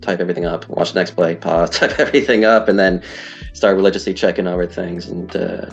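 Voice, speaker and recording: A man's voice: low voice, steady tone, fairly quick, vocal fry. A man, chatting casually as an interview guest, rambling and self-deprecating. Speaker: guest, league player. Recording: dull lo-fi audio, faint music.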